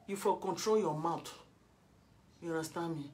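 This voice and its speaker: A middle-aged vlogger from Edo State, Nigeria, scolds a rival in Nigerian Pidgin English, lecturing through rhetorical questions. Her voice is fairly low and darkish, unhurried, with long pauses.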